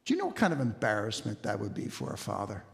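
A man preaching an expository sermon, telling the story with animated energy and rhetorical questions. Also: fairly low pitch, fast, vocal fry. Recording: long hall reverb.

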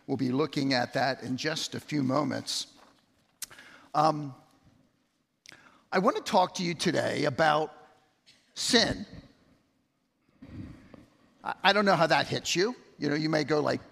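A man's voice: fairly high pitch, animated, a little slow, gravelly, long pauses, fairly bright tone. A middle-aged man preaching a sermon as pastor, conversational, often repeating words and telling stories. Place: church sanctuary. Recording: long hall reverb.

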